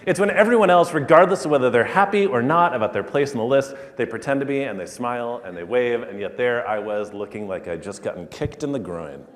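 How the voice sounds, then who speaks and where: A man giving a conference keynote, telling a story in an animated way that builds to loud peaks. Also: medium pitch, a little fast, hardly any pauses. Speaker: keynote speaker. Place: large conference hall. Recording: echoey hall, speaker a little far.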